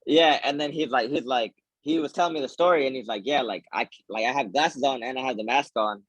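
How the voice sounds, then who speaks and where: A husky-voiced man tells a story on a podcast in loose casual chat. His speech is full of filler and laughter, and his voice sounds close and dry. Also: mid-range voice, fairly quick, a bit bright, no room sound. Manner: rambling, heavy on filler "like", laughs through his stories.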